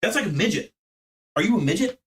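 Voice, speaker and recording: A man's voice: sits high, lively intonation, quick pace, slightly rough. A young American man hosting a casual livestream, boasting and swearing as he rambles to his chat. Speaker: livestream host.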